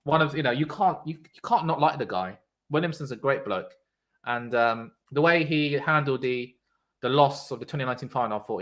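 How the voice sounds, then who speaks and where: His mid-range voice moves briskly as he gives loose, live cricket commentary on stream. He reacts noisily to each bit of play and responds to people in the chat.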